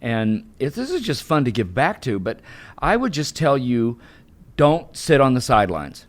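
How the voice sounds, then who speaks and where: A man's voice: mid-range voice, normal speed. An older man, a guest and professional speaker, telling a story in an interview and acting out the dialogue. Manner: animated storyteller, acts out dialogue.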